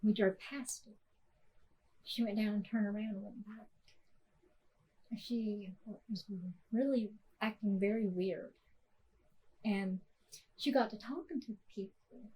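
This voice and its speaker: A woman, hosting a podcast and telling a personal story softly, with many fillers and restarts. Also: medium pitch, steady tone, unhurried, pauses often, breathy edge, low-quality recording. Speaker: podcast host.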